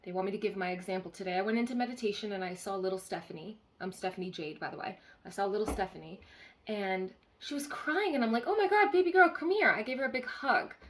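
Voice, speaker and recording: A woman's voice: mid-range voice, fast, a bit bright, slight background noise. A woman giving a live-streamed channeled card reading as a spiritual healer, earnestly repeating key phrases and checking in with listeners.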